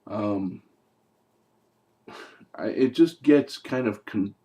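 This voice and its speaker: A man's voice: fairly low pitch, extremely slow, dark tone. A man reviewing a movie in casual talk, sarcastic and profane, with rambling asides.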